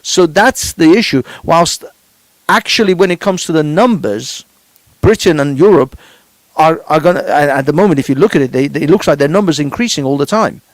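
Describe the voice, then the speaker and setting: A man's voice: fairly high pitch, brisk, no room sound. A male podcast host giving fervent, preachy commentary, swearing and repeating words for emphasis.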